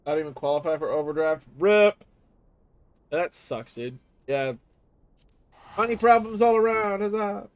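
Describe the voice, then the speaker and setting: A man's voice: high-pitched, expressive, a little slow, pauses often, smooth, no echo. A young man streaming a game and chatting in loose, slangy banter. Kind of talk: casual gaming chat.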